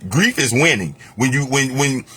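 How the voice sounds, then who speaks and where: Earnest middle-aged man, bright voice. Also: medium pitch, expressive, moderate pace, husky. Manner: repetitive, earnest, conversational, often asks "you know what I'm saying?". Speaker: vlogger, channel host. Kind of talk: casual heartfelt monologue to camera.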